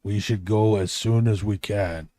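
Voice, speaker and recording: A man's voice: lowish voice, steady tone, a little slow, warm tone, no echo, clean studio sound, pitched below the performer's own voice, natural voice. A man doing a big blunt fisherman. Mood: urgent. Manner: urgent, blunt.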